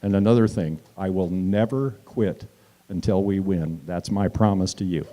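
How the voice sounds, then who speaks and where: A man's voice: low voice, moderate pace, noisy background. A man giving a political speech at a town hall meeting, telling history as a story and building to emphatic declarations.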